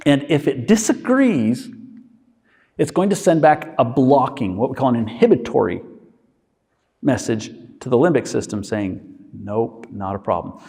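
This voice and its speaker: A man's voice: medium pitch, darkish tone, long reverb tail. A man, a physician, giving a conversational lecture and checking in with his listeners with a frequent "okay?". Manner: acts out inner voices in quick asides.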